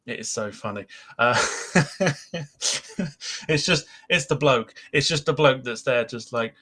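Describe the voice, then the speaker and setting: A man's voice: medium pitch, measured pace. A British man hosting a casual live aviation podcast, laughing often and chatting with guests. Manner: laughs a lot, giggly and animated. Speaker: podcast host. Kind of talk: casual live-stream chat.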